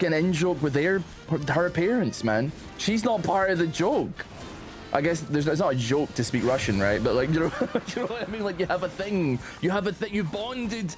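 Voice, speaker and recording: A man, streaming and chatting casually, rambling and animated, often calling his viewers "man". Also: medium pitch. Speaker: streamer reacting to posts.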